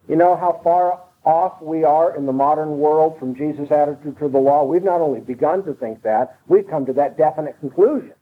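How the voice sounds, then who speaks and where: A man's voice: on the high side, fairly quick, hardly any pauses, breathy edge. A man preaching an expository sermon, emphatic and driving his points home by repeating them. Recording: tinny phone-like broadcast sound.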